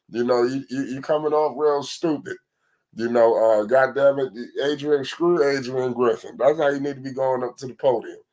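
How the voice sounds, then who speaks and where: A man's voice: fairly low pitch, darkish tone. A man hosting a basketball live stream in casual chat, rambling and profane, often repeating and restarting his words.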